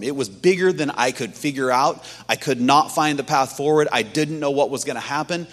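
A man preaching a sermon in a conversational, animated storytelling manner, acting out quotes from the stories he tells. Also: medium pitch. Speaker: pastor. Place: church sanctuary. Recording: long hall reverb.

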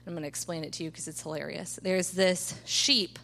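A woman in her thirties preaching at a midweek church service, telling family stories in an animated way and often checking in with the room by asking "right?". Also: lowish voice, a little fast, gravelly. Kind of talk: sermon.

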